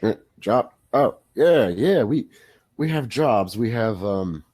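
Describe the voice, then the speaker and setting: A man voicing a sleepy old male orc official who talks in halting, repetitive bursts. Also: on the low side, expressive, warm tone, slightly rough, dry recording, exaggerated voice. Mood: drowsy.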